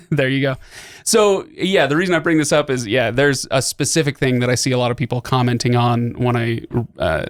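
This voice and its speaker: A man's voice: medium pitch, moderate pace, no room sound, studio quality. A man hosting a podcast, explaining at length in a casual way with lots of fillers and restarts. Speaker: podcast host.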